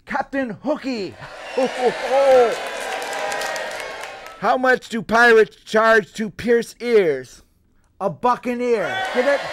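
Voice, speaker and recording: A man's voice: very high voice, noisy background. A man playing a jolly, bawdy pirate captain who cracks puns and chuckles at his own jokes with piratey growls. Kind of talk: stand-up pirate character act.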